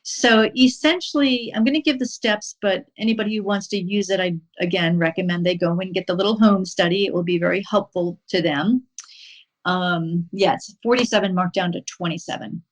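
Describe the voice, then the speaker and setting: A woman guest on a podcast interview, calmly and patiently explaining a mindfulness practice step by step, pausing now and then with an um. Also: mid-range voice, poor audio. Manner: calm, instructive, unhurried with frequent um pauses. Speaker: podcast guest, horse-assisted wellness coach.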